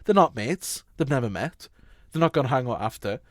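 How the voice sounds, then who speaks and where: A man's voice: mid-range voice, brisk, no echo, clean studio sound. A man co-hosting a podcast, joking sarcastically and swearing freely. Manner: sarcastic, swears, jokey, lively delivery. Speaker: podcast co-host. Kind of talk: casual chat.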